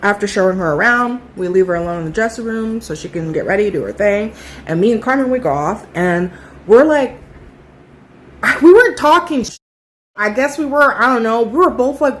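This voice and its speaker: A woman in her thirties telling a casual storytime, chatty and animated, acting out what other people said. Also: a little high, brisk. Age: 30s.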